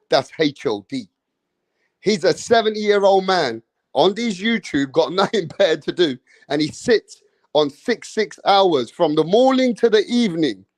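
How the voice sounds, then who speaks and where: A man's voice: high-pitched, no room sound. A man ranting in a boastful, profane and heated way as a boxing YouTuber. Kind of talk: ranting commentary.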